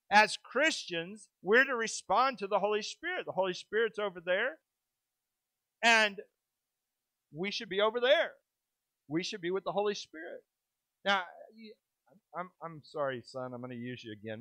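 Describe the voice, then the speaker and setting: Here the middle-aged pastor sounds animated and forceful, his high, bright voice ringing as he drags out key words between pauses and breaks off for fast, self-mocking jokes. The recording is close and dry, free of room echo.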